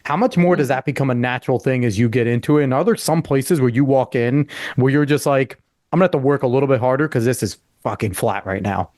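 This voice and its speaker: A man's voice: mid-range voice, fast, darkish tone, dry recording, studio quality. A man hosting a podcast, chatting casually and telling family stories loosely, laughing at his own anecdotes. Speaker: podcast host.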